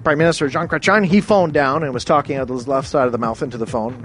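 A man's voice: medium pitch, fast talker, few pauses, a bit bright, a little hiss or hum. A man from Canada ranting in a rambling, profane way, with many restarts and sudden exclamations. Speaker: ranting commentator.

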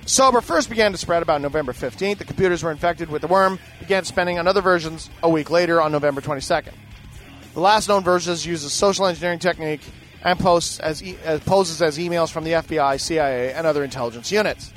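High-voiced man riffing sarcastically on tech news. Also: fast talker, fairly bright tone, soft background music. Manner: profane, sarcastic asides between read-out news items. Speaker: podcast host. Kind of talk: reading tech news with off-the-cuff commentary.

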